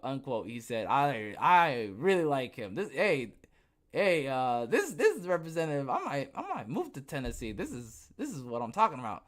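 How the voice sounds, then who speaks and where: A man's voice: mid-range voice, sing-song, moderate pace, fairly bright tone. A young adult man hosting a podcast, reading news aloud and breaking off into sarcastic asides, with many fillers and restarts. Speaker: podcast host.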